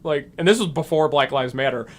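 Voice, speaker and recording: High-voiced man telling rambling stories. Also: brisk. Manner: rambling anecdotes with lively quoted voices. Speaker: podcast co-host. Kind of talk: casual chat.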